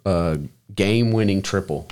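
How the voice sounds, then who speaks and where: Low-voiced young man telling a story. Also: normal speed, a little mellow, smooth. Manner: rambling, profane, laid-back storyteller. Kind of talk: casual chat, storytelling.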